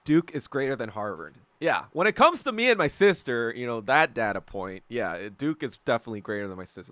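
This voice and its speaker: A man's voice: medium pitch, very animated, fairly quick, hardly any pauses, fairly bright tone, dry recording. A young man hosting a casual podcast, telling rambling stories with frequent laughs and swearing. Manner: rambling storyteller, laughs often, swears a lot. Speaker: podcast host. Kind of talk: casual livestream chat while eating.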